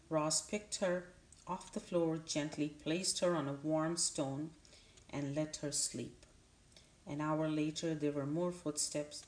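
Woman reading a kids book aloud, low voice, super slow and steady, echoey room. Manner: measured, unhurried, with small restarts. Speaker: audiobook narrator. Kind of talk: storybook read-aloud.

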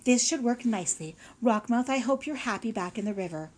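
A woman voicing a stern, quick-tempered mother beaver with a sharp, scolding manner. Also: a little high, animated. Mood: friendly.

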